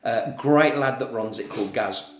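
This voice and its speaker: A man's voice: medium pitch, normal speed, a little hiss or hum. A man hosting a live beer review in casual chat, telling stories with chatty, exasperated banter. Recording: roomy echo.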